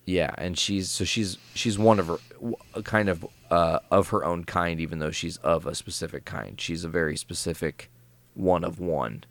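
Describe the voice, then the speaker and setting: A man's voice: sits low, moderate pace. A man co-hosting a podcast, casually recapping a comic story in a rambling, filler-heavy way. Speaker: podcast co-host.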